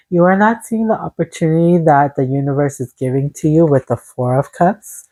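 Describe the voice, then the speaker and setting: A woman's voice: low-pitched, moderate pace, dark tone, no room sound, low-quality recording. A woman giving a casual tarot reading into her phone, soothing and encouraging, a little out of breath. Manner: soothing, encouraging, talks to viewers as "glowing angels". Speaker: tarot reader. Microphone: phone camera.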